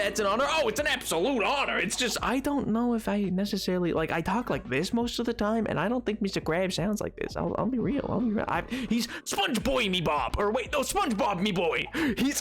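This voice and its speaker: Gravelly, rambling male streamer. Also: high voice, fairly bright tone. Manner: rambling, jokey, chatting to viewers. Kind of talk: casual livestream chat.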